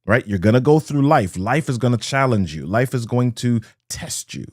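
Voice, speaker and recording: A man with a medium-pitched, somewhat dark voice gives a live motivational talk to online viewers, speaking expressively at a normal pace. He uses rhythmic phrasing, repeats key lines, and greets viewers by name. The audio is studio quality with no room sound.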